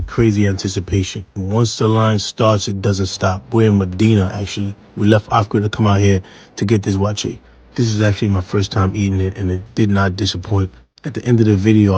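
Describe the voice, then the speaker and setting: A man's voice: fairly low pitch, a little mellow, slightly rough. A man narrating a late-night street food vlog in a laid-back way. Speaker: travel vlogger. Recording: dull, lo-fi audio.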